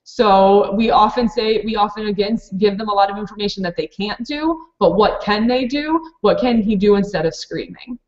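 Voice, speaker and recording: With a mid-range voice, she talks briskly and rarely pauses. The speaker is a preschool program director walking teachers through a webinar in a practical, plain way, leaning on many fillers. Audio quality is dull, lo-fi webinar sound.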